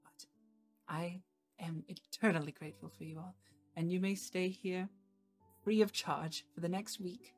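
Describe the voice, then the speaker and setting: A woman voicing a kindly female innkeeper who speaks gently and earnestly and calls people "my dear". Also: on the low side, fairly even intonation, unhurried, faint music behind, voice pushed up. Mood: warm sincere.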